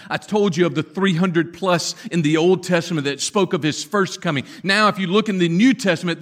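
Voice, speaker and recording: A man preaching a sermon, telling the story dramatically and swinging from loud to hushed. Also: sits high. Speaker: pastor.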